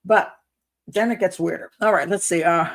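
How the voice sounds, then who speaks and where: A woman's voice: lowish voice, steady tone, moderate pace. A woman giving commentary as a criminal profiler, sarcastic and incredulous as she talks.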